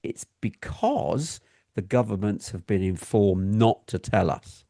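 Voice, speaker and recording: Lively-voiced man explaining earnestly. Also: fairly low pitch, takes it slowly, creaky, no echo, clean studio sound. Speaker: co-host. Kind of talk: casual chat.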